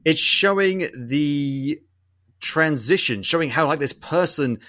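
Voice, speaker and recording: A man, co-hosting a podcast and talking through a film review in a long-winded, animated way, swearing casually. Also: fairly high pitch, slow pace, no echo. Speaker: podcast co-host.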